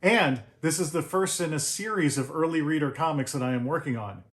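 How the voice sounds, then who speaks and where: A man's voice: fairly high pitch, a little fast, no echo. A middle-aged man, an author and illustrator, leading a step-by-step drawing tutorial. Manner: step-by-step instructive.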